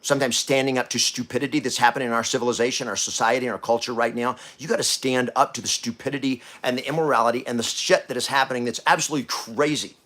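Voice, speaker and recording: A man hosting a podcast, giving a blunt motivational talk that swings from quiet to loud, with coarse language. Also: medium pitch, fairly even intonation, quick pace, few pauses. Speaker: podcast host.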